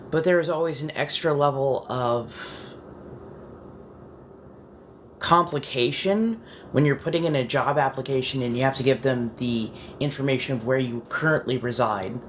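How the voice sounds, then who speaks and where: A woman's voice: extremely low pitch, moderate pace, slight background noise. A tired woman who is just waking up, chatting bluntly and casually on a body-doubling livestream and swearing freely. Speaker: livestream host.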